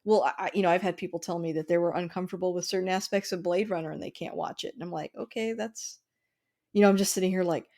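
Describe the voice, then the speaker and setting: A woman's voice: lowish voice, fairly even intonation, racing, hardly any pauses, a little mellow. A woman co-hosting a casual movie podcast, conversational and laughing often, filling her talk with "like" and "you know". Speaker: podcast host.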